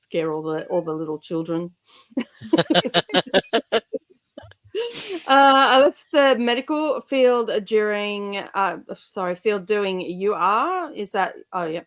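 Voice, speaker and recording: Woman host, casual stream chat, husky morning voice, giggly. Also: medium pitch, expressive, slow pace, pauses often, fairly bright tone. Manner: chatty, laughs often, many fillers. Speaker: host of a reading livestream.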